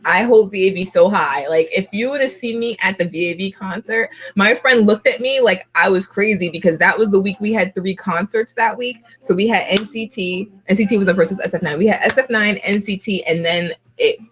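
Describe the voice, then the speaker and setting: A young woman vlogger of Puerto Rican heritage chatting casually to camera, laughing often and gushing like an excited fan. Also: mid-range voice, brisk, hardly any pauses.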